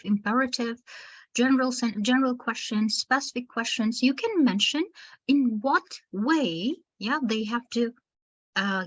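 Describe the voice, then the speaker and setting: Teacher trainer lady on a video call, higher voice, kinda muffled lo-fi sound, explains things patiently to "dear teachers". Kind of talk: online webinar lecture.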